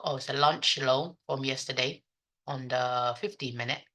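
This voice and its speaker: A woman's voice: extremely low pitch, steady tone, normal speed, a bit bright. A woman with an accent mixing African, British and American, chatting to herself with casual swearing as she reviews her day trading. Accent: mixed African, British and American. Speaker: day trader. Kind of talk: casual self-talk during a trading session.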